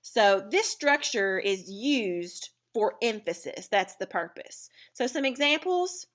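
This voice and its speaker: Female teacher, bright tone, deliberate lesson delivery with small fillers. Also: mid-range voice, big pitch swings. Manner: clear, deliberate explaining with fillers. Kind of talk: recorded writing lesson.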